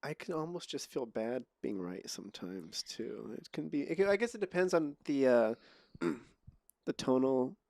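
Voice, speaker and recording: A man's voice: mid-range voice, animated, measured pace, creaky, a little mellow, no echo. A man hosting a podcast, chatting casually and often restarting his sentences. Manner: rambling, trails off and restarts sentences. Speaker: podcast host. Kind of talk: casual conversation. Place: Los Angeles.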